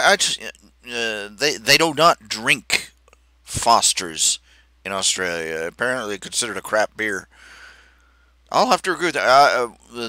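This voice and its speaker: A male streamer telling a long-winded anecdote, doubling back on his words and piling on asides. His voice is bright and pushed forward. The sound is close and dry, with no room echo. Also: mid-range voice. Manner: chatty, self-interrupting, animated anecdotes with restarts. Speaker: livestream host. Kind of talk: rambling casual storytelling.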